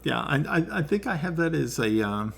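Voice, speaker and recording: Gravelly-voiced man running a tabletop game. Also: a little high, sing-song. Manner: halting, many fillers and restarts. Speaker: game master. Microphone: online call.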